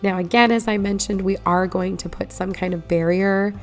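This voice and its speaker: A woman vlogger in a low morning voice, chatting through a casual voice-over narration of her garden project and explaining each step as she goes. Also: steady tone, moderate pace, soft background music. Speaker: home makeover vlogger. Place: voice-over recorded while editing.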